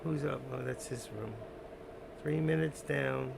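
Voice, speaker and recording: A man's voice: steady tone, measured pace, noisy background. A man hosting a live trading stream, rambling casually about his trades and breaking off to talk to his cat. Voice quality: gravelly. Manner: rambling, talks to his cat in a high sing-song voice.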